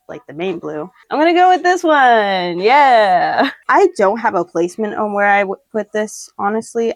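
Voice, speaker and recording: A young woman vlogs a makeup tutorial at home, chatting casually to the camera as she rambles, giggles, and swears offhandedly. Her voice is mid-range, with no echo.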